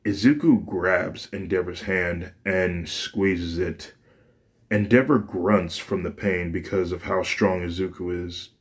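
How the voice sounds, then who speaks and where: A male storyteller with a deep voice reads a fan story aloud, unhurried and plain. His delivery is unpolished, stumbling and restarting now and then. Low pitch and slow pace throughout. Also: steady tone. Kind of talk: fan fiction narration.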